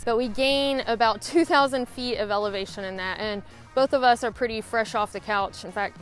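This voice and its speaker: A woman from Alabama with a Southern accent, chatting in a casual vlog while hiking a rural trail. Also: medium pitch. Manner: chatty, upbeat. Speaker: vlogger.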